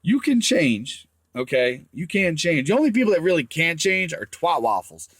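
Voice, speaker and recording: A man on a crude, swear-heavy rant, his pitch swinging up and down as he talks. The voice is fairly high for a man and sounds dry and close, with no room echo. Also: very animated, normal speed, fairly bright tone, slightly rough. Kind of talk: profane rant to camera.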